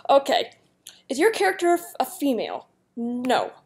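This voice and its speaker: Young woman, giggly, chatty, slightly high-pitched, casual game commentary. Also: huge pitch swings, normal speed, darkish tone. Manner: giggly, chatty, reads questions aloud. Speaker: YouTuber playing a guessing game.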